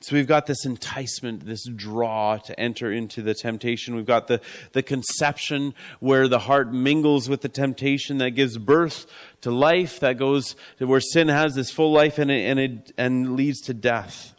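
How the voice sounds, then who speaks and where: A man preaching a sermon in an earnest way, repeating key lines and dropping to a soft hush. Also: mid-range voice, moderate pace.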